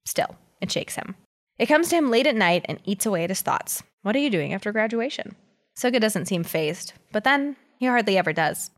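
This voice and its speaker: A woman's voice: mid-range voice, lively intonation, a little fast. Giggly woman reading fan fiction aloud. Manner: giggly, chatty asides. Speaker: reader.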